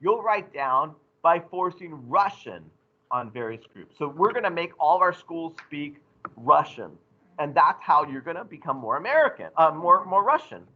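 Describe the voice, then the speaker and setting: A male teacher giving an animated, joking classroom lecture to his students. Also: fairly high pitch, normal speed, phone-quality sound.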